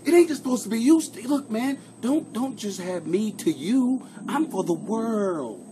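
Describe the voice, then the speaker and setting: A man putting on a brash, swaggering character who insists he can't be held down, in a loud, boastful, hammed-up delivery. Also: high-pitched, very animated, normal speed, background noise, voice pushed up.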